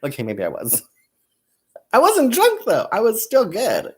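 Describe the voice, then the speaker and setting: A young man chats through a crafting livestream while he crochets, his pitch rising and falling with lively swings. He rambles, laughs often, and counts stitches aloud. He speaks to the viewers as "you guys" and "y'all". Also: a little slow. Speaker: crafting channel host.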